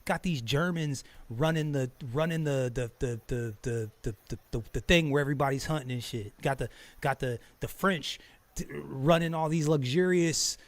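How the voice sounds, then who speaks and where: A man with a mid-range voice hosts a streamed talk show at a moderate pace. His talk is casual and profane; he gets heated, laughs frequently and stumbles over repeated words.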